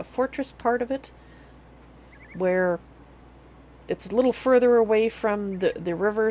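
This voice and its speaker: A woman's voice: mid-range voice, a little mellow, a little hiss or hum. A woman streaming a game live, chatting casually and rambling with self-corrections. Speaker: livestreamer. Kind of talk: casual livestream commentary.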